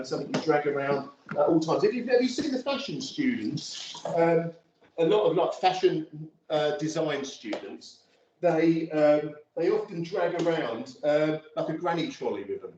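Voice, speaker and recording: Give me a chatty photography lecturer, recorded from across an echoey studio. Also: male voice, a little high, lively intonation, moderate pace. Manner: chatty and rambling, many fillers. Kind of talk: casual studio demonstration to students. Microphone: phone camera from across the room. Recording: roomy, distant, dull audio with faint noise.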